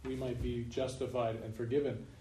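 A man's voice: medium pitch, flat delivery, dark tone. Male pastor preaching, emphatic, chuckles here and there, echoey church with a bit of hiss. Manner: emphatic, slows down to stress key points; chuckles at his own remarks. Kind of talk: sermon. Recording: roomy room echo, faint noise.

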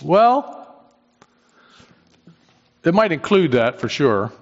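A man's voice: on the high side, sing-song, extremely slow, slight background noise. Man teaching a Bible class in a hall. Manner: thinks aloud with frequent restarts, asks the class questions. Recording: dull lo-fi recording in a reverberant hall.

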